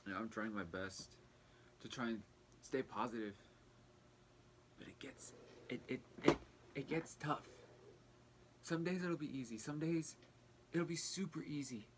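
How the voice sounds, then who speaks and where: A young man talking earnestly in a personal vlog, halting and restarting as he fights back tears. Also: medium pitch, slight background noise. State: tearful, fighting back crying. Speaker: vlogger.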